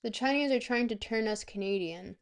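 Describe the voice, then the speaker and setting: A woman's voice: on the high side, brisk. A woman streamer in a casual livestream chat, goofy and rambling, swearing freely.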